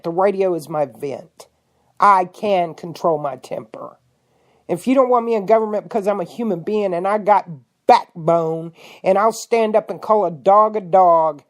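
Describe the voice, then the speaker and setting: A woman hosting a radio podcast, delivering an angry political rant with rhetorical questions and cussing, swinging between loud outbursts and low muttering. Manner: fiery, indignant, swings between shouting and muttering. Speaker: podcast host.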